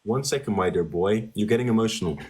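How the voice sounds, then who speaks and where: A man's voice: lowish voice, expressive, quick pace, darkish tone. Condescending man hosting a live debate. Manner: condescending, mocking, repeats himself. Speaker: TikTok live debate host. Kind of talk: heated live-stream debate.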